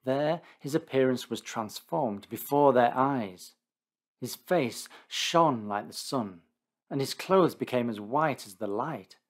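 Man, scripted Bible narration, steady, deliberate, mid-pitched.

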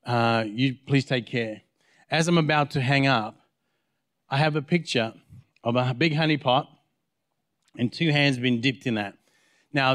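Guest preacher, Australian man, mid-pitched, dry close sound, storytelling sermon that voices each side of a conversation. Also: fairly bright tone, no room sound. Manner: storytelling, acting out both sides of conversations. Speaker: guest pastor. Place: church.

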